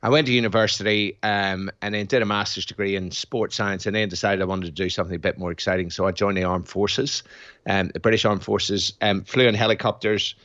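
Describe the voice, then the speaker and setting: Belfast man, low, dull lo-fi sound. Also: steady tone, fairly quick, fairly bright tone, no echo. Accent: Northern Irish, Belfast. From Northern Ireland. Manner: rambling, repeats words when starting sentences. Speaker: guest, physiologist and former military aviator. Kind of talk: casual interview chat.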